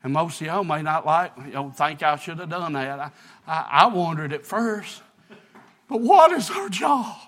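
A man, preaching a sermon, telling a folksy story that builds into shouted preaching. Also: fairly high pitch, expressive, normal speed. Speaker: pastor.

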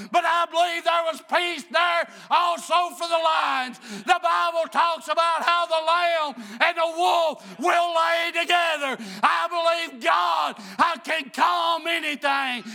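A man preaching a sermon in church with an impassioned, shouting cadence. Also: very high voice, vocal fry. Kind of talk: fiery preaching.

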